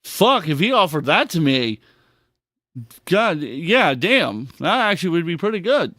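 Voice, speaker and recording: Man podcast host, higher voice, dry close sound, swearing, excitable commentary. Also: unhurried, no echo. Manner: profane, excitable ranting. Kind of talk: casual commentary on clips.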